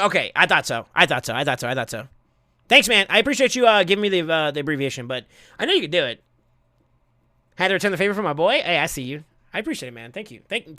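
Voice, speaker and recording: In a dry, studio-quality recording, a high-voiced man streams live, thanking viewers and chatting casually. Excitable, he erupts in sudden yells until his voice turns hoarse.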